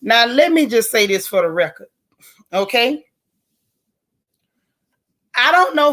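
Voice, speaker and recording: A woman's voice: a little high, animated, measured pace, long pauses, a bit bright. A woman hosting a live stream, chatting casually and outspokenly as she reads viewer comments. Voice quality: raspy. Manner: chatty, folksy and outspoken, with Southern colloquial phrasing.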